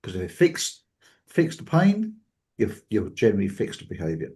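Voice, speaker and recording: A man's voice: on the low side, huge pitch swings, normal speed, warm tone. A man hosting a reflective talk show, speaking loosely and conversationally, with frequent fillers and chuckles, acting out the people he quotes. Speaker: podcast host.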